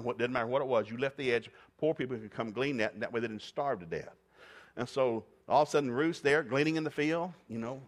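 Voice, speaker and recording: Folksy joking preacher man. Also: mid-range voice. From East Tennessee, USA. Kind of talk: humorous sermon storytelling.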